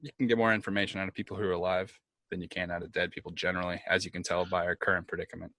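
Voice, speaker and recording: A man playing a tabletop game, joking around in animated, profane banter. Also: sits low, racing, no echo. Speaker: player.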